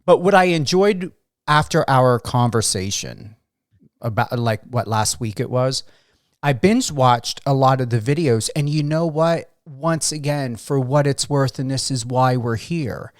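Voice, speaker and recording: A chatty, enthusiastic man with an East Coast American accent hosts a casual interview, speaking at a middle pitch. His voice sounds dry and close, with no room echo. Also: unhurried. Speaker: host.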